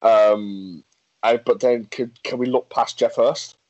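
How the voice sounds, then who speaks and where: A man's voice: medium pitch, takes it slowly, no echo, muffled recording. A man chatting casually as a podcast co-host, reading facts aloud with lots of restarts. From England. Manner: animated, reads facts aloud, frequent restarts and laughs. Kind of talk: casual chat.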